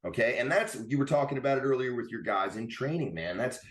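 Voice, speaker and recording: A man's voice: medium pitch, animated, fast. Podcast host guy, talks emphatic, kinda roomy echo on him. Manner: emphatic, keeps saying man and right. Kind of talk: casual podcast conversation.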